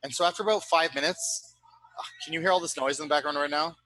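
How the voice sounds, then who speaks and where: A young man casually telling a long anecdote over a remote call, animated and profane, often tagging on "right?". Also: a little high, fast, dry recording, rough recording. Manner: animated, profane, with frequent tag questions.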